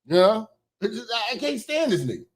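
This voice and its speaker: Heated profane man ranting, lively pitch. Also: fairly quick, very noisy. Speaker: commentary host. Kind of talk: ranting commentary.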